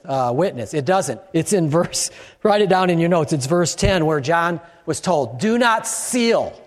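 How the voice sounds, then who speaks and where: An older man preaching a sermon, his voice sitting high and carrying through a church with a long, ringing reverb. He speaks in an animated way and rises to shouts to drive points home. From Chicago. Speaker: pastor.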